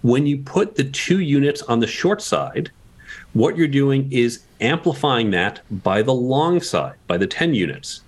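A man's voice: medium pitch, expressive, a little slow. A man guest on a podcast interview, explaining communication tips and asking rhetorical questions as he goes.

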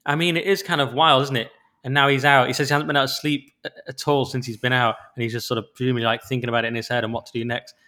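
Fast-talking, bright-voiced man co-hosting. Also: medium pitch. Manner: quick, animated and opinionated, with frequent restarts. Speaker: podcast co-host. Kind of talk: casual political podcast chat.

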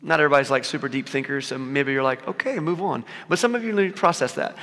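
A man's voice: mid-range voice, quick pace, sharp tone. A man preaching a sermon to his congregation in a casual, conversational way, with loose fillers and easy laughs. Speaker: pastor. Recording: long hall reverb.

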